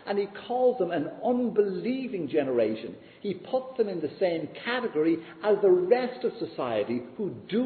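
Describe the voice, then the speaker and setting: A man preaching an expository sermon in an earnest, teaching manner. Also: high voice. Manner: earnest, teaching, lively rise and fall. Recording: echoey hall, tinny lo-fi sound.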